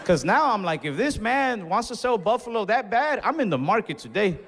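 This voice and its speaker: On stage in a big comedy venue, a young comic tells relaxed stories and acts out his outbursts. His high, creaky voice swings widely in pitch at normal speed. The background is noisy, with hall reverb and faint crowd sounds.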